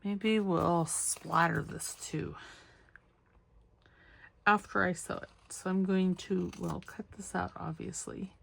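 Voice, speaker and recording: Woman, middle-aged, unhurried, chatty, self-deprecating, crafting vlog host. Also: on the low side, fairly even intonation, gravelly, slight background noise. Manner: chatty, self-deprecating, talks to herself while working. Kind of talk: casual crafting vlog talk.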